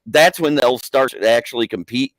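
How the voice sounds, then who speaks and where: A man's voice: mid-range voice, normal speed, fairly bright tone, dry recording, poor audio. A man breaking down football tactics in a casual sports podcast chat. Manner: analytical, lays out football reasoning. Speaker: podcast co-host.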